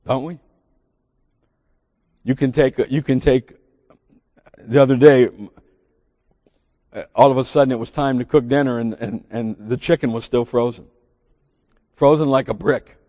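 A man's voice: medium pitch, steady tone, measured pace, long pauses, warm tone, no echo, studio quality, long reverb tail. A middle-aged man with a Southern drawl preaching a sermon in a church, earnest and building to emphatic bursts with folksy asides.

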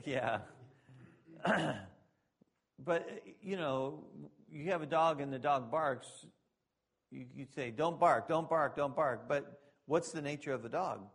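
A fairly high-pitched man preaches a sermon at an unhurried pace. He rises into loud, emphatic declarations, then drops to quiet, casual asides and jokes with the congregation. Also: creaky, slightly rough. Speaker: pastor.

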